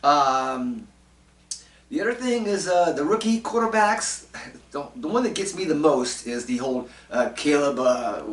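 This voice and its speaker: A man hosts a casual solo sports talk show, rambling along with plenty of ums and uhs and poking fun at himself. His voice sits a little high for a man. The sound is roomy and echoing, as if the mic sits some way off from him. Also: animated, a little slow. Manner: rambling, self-mocking, lots of ums and uhs. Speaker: podcast host. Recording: roomy echo, mic at a distance.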